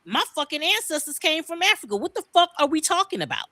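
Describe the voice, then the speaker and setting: A woman's voice: high-pitched, sing-song, fast talker, sharp tone, no echo, clean studio sound. A woman from the United States co-hosting a podcast, ranting in a profane, fired-up way. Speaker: podcast co-host. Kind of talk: heated casual podcast talk.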